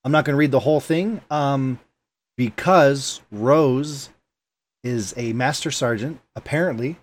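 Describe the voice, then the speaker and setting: Co-hosting a podcast, a man with a mid-range voice chats casually at a measured pace. He laughs his way through animated stories and reads out emails from listeners.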